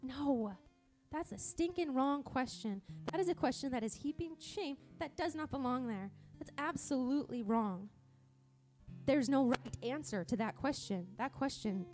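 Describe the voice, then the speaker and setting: A woman's voice: sits high, lively intonation, unhurried, darkish tone, soft background music. A woman from Montana preaching a sermon in a church service, earnest and conversational, often restarting her sentences. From Montana, USA. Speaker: pastor.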